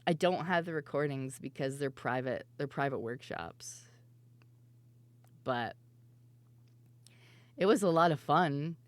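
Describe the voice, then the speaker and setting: A woman streamer telling stories in casual chat, her voice worn and hoarse, laughing often and swearing freely. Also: deep voice, lively intonation, takes it slowly, pauses often. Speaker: VTuber streamer.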